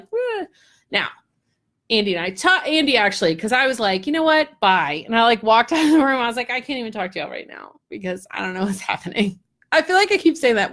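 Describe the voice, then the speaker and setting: A middle-aged woman coach telling stories in casual talk to her online community, acting out voices and asking "right?" often. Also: medium pitch. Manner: animated storytelling with acted-out voices and lots of "right?". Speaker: spiritual coach.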